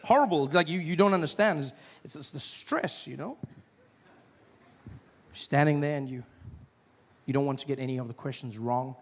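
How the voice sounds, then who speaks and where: Animated high-voiced stand-up comedian. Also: male voice, moderate pace, pauses often. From South Africa. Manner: animated, acts out shouting officials in high voices. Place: stage before a live audience. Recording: live show with audience noise.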